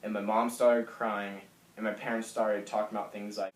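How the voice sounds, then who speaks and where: A young man in his late teens telling a personal story to camera, soft and halting with lots of fillers. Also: fairly low pitch, level tone. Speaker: vlogger. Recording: echoey room.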